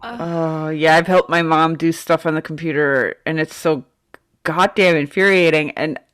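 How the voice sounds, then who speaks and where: A woman's voice: low-pitched, steady tone, measured pace, fairly bright tone, smooth, no room sound, studio quality. A middle-aged woman co-hosting a podcast, laid-back and swearing casually as she chats. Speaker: podcast co-host. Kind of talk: casual chat.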